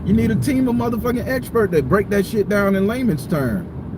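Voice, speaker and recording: Male host, high-pitched, fired-up and cursing through a live-stream rant from his parked car. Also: animated, fairly quick, background noise. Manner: heated, profane, repetitive venting. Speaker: tarot reader and channel host.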